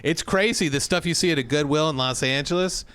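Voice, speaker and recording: A man's voice: on the high side, a little fast, fairly bright tone, smooth, dry recording. A man co-hosting a podcast in playful casual chat, laughing easily. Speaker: podcast co-host.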